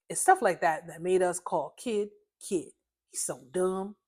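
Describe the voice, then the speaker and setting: A woman reading her own short story aloud, narrating in first person with a lively, conversational delivery. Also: fairly low pitch, unhurried.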